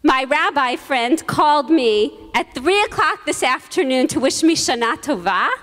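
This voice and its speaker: A woman rabbi giving a holiday sermon, telling stories with quoted voices and gentle humor. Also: high voice, expressive, a little slow, faint music behind. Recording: long reverb in a large hall.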